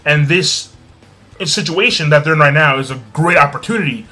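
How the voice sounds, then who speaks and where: An excitable man talks through an anime episode in a loose, profane recap. His voice sits a bit high for a man, and music plays faintly under him. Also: moderate pace. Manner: excitable, swears freely, acts out quotes from scenes. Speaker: anime reviewer. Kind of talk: casual animated recap.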